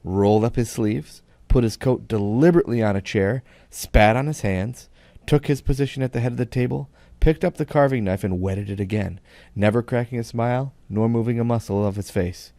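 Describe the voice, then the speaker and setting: A man's voice: mid-range voice, brisk, few pauses, mellow, no echo. A man co-hosting a live podcast, reading an old joke aloud with wry asides and laughing at himself. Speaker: podcast co-host reading a segment.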